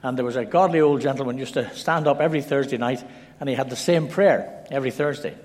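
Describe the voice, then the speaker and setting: A male preacher delivers a sermon in a church, shifting between measured storytelling and scripture reading. His voice rings out with a long hall reverb around it. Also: medium pitch, darkish tone. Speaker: visiting preacher.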